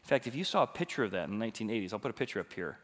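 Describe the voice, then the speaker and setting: A man in his forties preaching a sermon, telling a personal story with animated, rising emphasis. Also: on the low side, very fast. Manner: animated storytelling, rising to near-shouts when retelling his frustration. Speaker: pastor. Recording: long reverb of a large hall.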